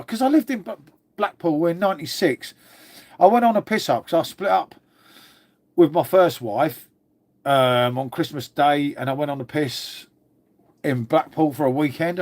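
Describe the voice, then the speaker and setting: A man's voice: a little high, darkish tone. A man, chatting casually on a live stream, joking, swearing and calling everyone mate. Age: 50s.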